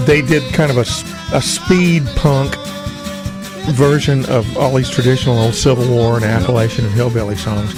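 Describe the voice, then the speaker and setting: A man's voice: medium pitch, fairly even intonation, music in the background. A man giving weekend entertainment picks as a radio guest, in a chatty, self-joking manner. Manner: chatty, quick asides, laughs at himself.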